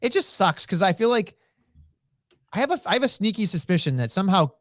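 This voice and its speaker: Excitable podcast cohost chatting wrestling, lively voice, dry room, lotta fillers. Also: mid-range voice, a little fast, dry recording. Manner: animated and excitable, lots of fillers. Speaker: podcast co-host. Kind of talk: casual wrestling chat.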